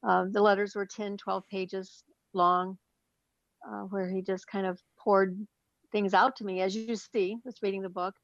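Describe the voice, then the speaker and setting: A woman's voice: medium pitch, flat delivery, a little slow, no echo. Female author answering, slightly dull audio. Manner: earnest, recounting with fillers. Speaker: guest, book author. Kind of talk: interview answers.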